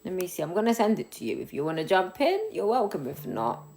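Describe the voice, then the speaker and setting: A woman's voice: on the low side, big pitch swings, quick pace, a little mellow. A woman hosting a casual phone livestream, chatting loosely and thanking viewers as they come in. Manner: chatty, reads and thanks commenters. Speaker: livestream host.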